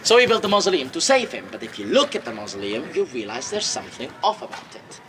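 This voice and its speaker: A man's voice: medium pitch, big pitch swings, quick pace. A man leading a ghost tour outdoors, telling dramatic stories in a jokey, teasing way and ordering the group about, recorded from within the crowd. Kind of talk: theatrical storytelling to a tour group. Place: outdoors in a graveyard on a city street. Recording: noisy outdoor recording with passing traffic.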